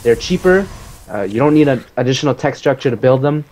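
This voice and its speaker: A man casually explaining his own strategy game match as he plays it, relaxed, with many fillers. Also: mid-range voice, a little fast.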